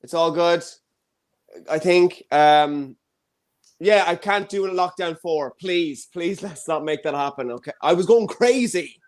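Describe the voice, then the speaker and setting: A young Irish man emceeing a stand-up comedy night, chatty and self-mocking with quick asides. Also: fairly high pitch. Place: comedy venue with a live audience.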